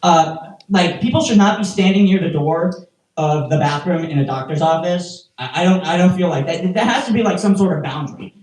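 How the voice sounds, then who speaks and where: A stand-up comedian doing a rambling, self-mocking set with crowd work, full of stammered restarts and sudden loud mocking outbursts. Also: medium pitch, brisk. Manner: bursts into loud mocking shouts. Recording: roomy, voice picked up from a distance.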